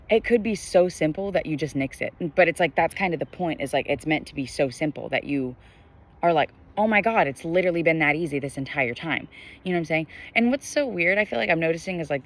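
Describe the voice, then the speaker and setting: A young man with a fairly high, slightly bright voice gives a casual collective tarot reading to a camera facing him, with slight background noise. He's indoors with a bright sky glowing behind him, rambling with lots of fillers and spiritual musings.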